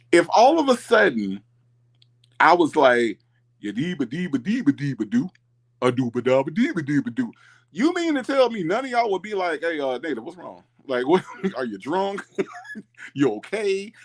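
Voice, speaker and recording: Lively gravelly-voiced man hosting a livestream. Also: fairly high pitch. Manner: animated, reads chat comments aloud, repeats himself. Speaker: livestream host. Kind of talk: casual live chat commentary.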